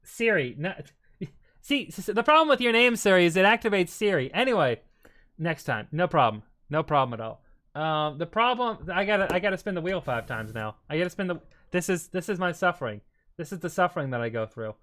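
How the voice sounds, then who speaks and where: A man streaming live, chatting casually and bantering excitably with his chat, sometimes yelling in mock outrage. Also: high voice, a little fast.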